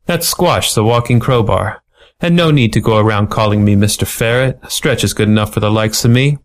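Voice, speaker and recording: A man voicing a small, sardonic male ferret private eye with a hardboiled, fast-talking manner. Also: lowish voice, natural voice. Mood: wry.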